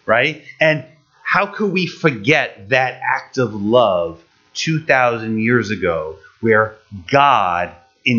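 Slow-spoken male preacher, lo-fi sound. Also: medium pitch, animated, sharp tone. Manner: asks the listeners many rhetorical questions. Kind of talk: sermon with live interpretation. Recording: dull lo-fi recording.

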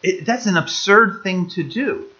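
A man preaching a sermon, pausing for an interpreter and asking the listeners many rhetorical questions. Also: high voice, bright, forceful tone. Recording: dull lo-fi recording.

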